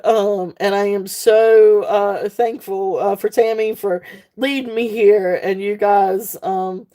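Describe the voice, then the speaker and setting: A woman hosts a live online sale from her home. She chats casually and at length with her viewers, full of fillers and warm thanks. Her voice is mellow and soft-edged, pitched in the middle range. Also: steady tone, takes it slowly. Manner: rambling and heartfelt, many fillers, laughs often. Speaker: online jewelry seller hosting a live sale.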